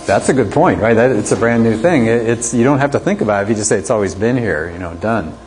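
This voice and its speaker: A man's voice: lowish voice, lively intonation, fast talker, darkish tone, a little hiss or hum. A man teaching an apologetics class, lecturing conversationally and asking the students rhetorical questions.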